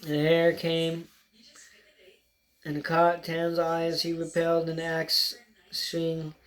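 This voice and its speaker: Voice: medium pitch, monotone, takes it slowly, rough recording. An audiobook narrator reading a story aloud in a plain way, with stumbles now and then.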